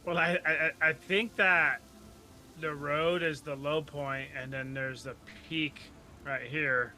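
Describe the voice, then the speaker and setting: A man talking casually as a player in a tabletop game, thinking out loud as he works things out. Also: on the high side, fairly even intonation, slow pace, background noise. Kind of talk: casual chat while playing a tabletop game.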